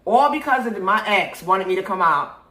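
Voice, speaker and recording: Animated, cussing young New woman. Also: mid-range voice, moderate pace. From New York. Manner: animated, profane, laughs often. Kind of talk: casual storytelling. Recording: roomy echo.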